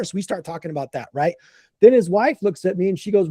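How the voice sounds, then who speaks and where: A man tells a casual work story with lots of energy, acting out each quote and tripping over his restarts. His voice sits a bit high but sounds mellow and relaxed. The recording is dry and close. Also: quick pace, no room sound. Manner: animated, acts out quotes, frequent restarts. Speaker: contractor telling a story.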